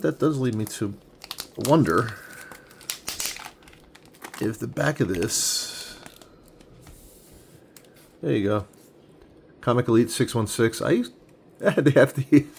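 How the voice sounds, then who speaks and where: A man in his forties chats through an unboxing at home, thinking aloud with easy enthusiasm. His voice sits low with a gravelly edge, and a faint noise floor runs beneath the recording. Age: 40s. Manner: enthusiastic, thinking aloud while handling items. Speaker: comic collector unboxing comics. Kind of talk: casual unboxing vlog. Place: home room with a tripod-mounted camera.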